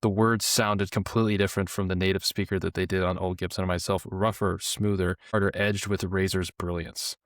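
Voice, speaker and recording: A man's voice: low voice, level tone, fairly quick, few pauses, dry recording, clean studio sound. A man hosting a book club podcast, talking eagerly about a novel with lots of fillers. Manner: enthusiastic, filler-heavy. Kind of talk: casual book discussion.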